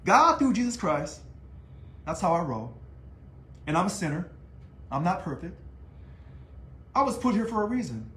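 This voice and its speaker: Man, casual to-camera monologue, taunting rhetorical style, high voice, roomy echo. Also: moderate pace, pauses often. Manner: animated, taunting, rhetorical questions. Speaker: union leader. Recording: echoey room.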